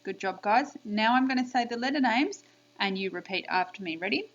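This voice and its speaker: A woman's voice: fairly high pitch, expressive, fairly quick, lo-fi sound. Encouraging woman teacher sounding out letters. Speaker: primary school teacher. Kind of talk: video spelling lesson for young children.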